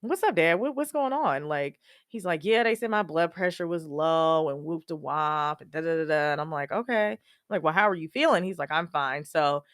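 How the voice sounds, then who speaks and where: A young woman hosts her own podcast and talks through a painful family story. She is candid and emotional, with a somewhat low voice that jumps higher when she quotes others. The recording is dry and close to the mic, with no room sound. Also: expressive, normal speed, few pauses, fairly bright tone, dry recording. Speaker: podcast host. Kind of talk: personal storytelling monologue.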